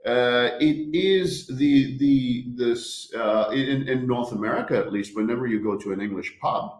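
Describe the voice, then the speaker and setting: A man's voice: medium pitch, a little slow. Canadian guy chatting, mock outraged, lots of stammering restarts, roomy echo. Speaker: guest. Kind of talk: casual chat. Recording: echoey room.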